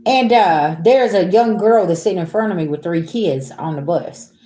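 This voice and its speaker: A woman's voice: fairly low pitch, moderate pace. Blunt woman telling a story, roomy echo. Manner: animated, emphatic, blunt and profane. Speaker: spiritual reader vlogger. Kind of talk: casual storytime to viewers.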